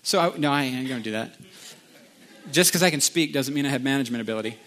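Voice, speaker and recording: Southern preacher guy, middle-aged, bright ringing voice, chatty sermon w/ bits of singing. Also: mid-range voice, fast. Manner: conversational storytelling with sung snippets. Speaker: pastor.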